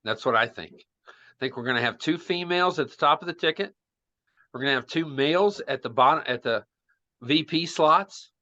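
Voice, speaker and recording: A man co-hosting a casual political chat, his voice bright and forceful. He talks with confidence and throws out bold predictions. The sound is dull and lo-fi. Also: on the high side, fairly quick. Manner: opinionated, makes bold predictions. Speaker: podcast co-host.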